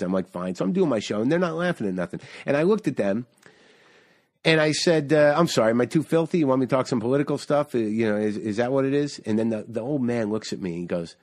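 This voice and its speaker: A man's voice: fairly low pitch, a little mellow, dry recording, studio quality. Heated rambling man telling a story. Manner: swearing, fast restarts, heated retelling. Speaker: stand-up comedian, podcast guest. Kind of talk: casual chat, storytelling.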